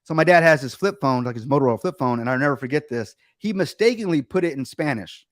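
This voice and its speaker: A middle-aged man, a guest, telling a rambling story in a lively, animated way. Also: mid-range voice, quick pace, no echo, clean studio sound. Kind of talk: casual storytelling chat.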